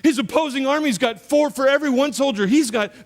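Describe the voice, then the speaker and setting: A man, preaching a sermon as pastor, telling stories and acting out voices with big swings in pitch and loudness. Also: fairly quick. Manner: storytelling, acts out voices of soldiers and God, animated swings in pitch and loudness.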